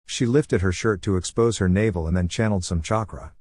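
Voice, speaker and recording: Low-voiced man reading fan fiction. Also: a little fast, a little mellow, husky, no echo. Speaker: narrator.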